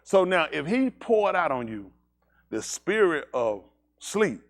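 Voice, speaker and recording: A man's voice: a little high, big pitch swings, slow. A man leading a congregation in an emphatic teaching sermon, firing rhetorical questions at the room. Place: synagogue service.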